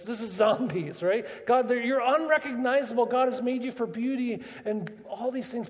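A man's voice: sits high, a little mellow, in a large hall. A man preaching a sermon as pastor, chatty and full of rhetorical questions.

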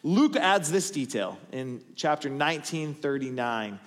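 A man preaching a sermon to a congregation, telling the story with animated build-ups that swing from loud emphatic passages to quiet asides. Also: medium pitch, normal speed, few pauses, long reverb tail. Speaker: pastor.

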